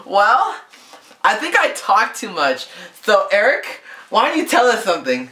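A woman's voice: mid-range voice, wildly swooping pitch, unhurried, pushed and bright. A woman hosting a parody vlog in a giggly, rambling way, exclaiming often. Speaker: vlogger. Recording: echoey room.

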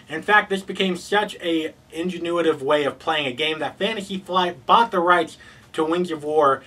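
A man's voice: fairly high pitch, sharp tone, far from the mic, low-quality recording. A man hosting a scripted board game review, upbeat, asking rhetorical questions before giving his verdicts.

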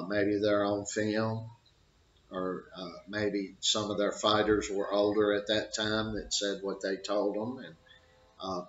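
Older boxing coach guy rambling slow with lots of uhs, kinda low voice, echoey dull room sound. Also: fairly bright tone, slight background noise. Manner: rambling, folksy, full of fillers and restarts. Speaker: boxing trainer. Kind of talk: casual advice talk. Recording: dull roomy recording.

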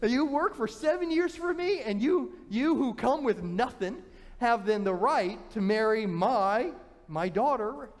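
A man's voice: very high voice, normal speed, in a large hall, pitched above the performer's own voice. A man voicing a boisterous, salesman-like older father who welcomes a guest and strikes a deal. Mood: hearty. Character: hearty, scheming older male host and father.

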